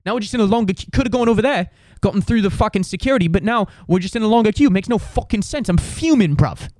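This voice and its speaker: A man's voice: high-pitched, lively intonation, fast, darkish tone, dry recording, clean studio sound, pitched above the performer's own voice. A man voicing a furious young British man who rants and swears in a long airport queue, in a British accent. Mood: fuming. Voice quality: sweary, repetitive ranting.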